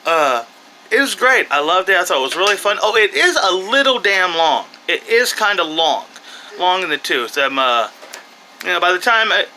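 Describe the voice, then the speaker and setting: A man's voice: high voice, expressive, moderate pace, pushed and bright, a little hiss or hum, low-quality recording. A man giving a casual, off-the-cuff movie review in a rambling way, with frequent restarts and asides.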